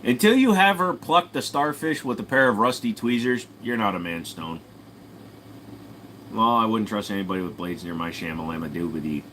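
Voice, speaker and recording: A man's voice: fairly low pitch, normal speed, fairly bright tone, slight background noise, rough recording. A sleepy young man streaming, rambling through crude jokes in a casual late-night chat.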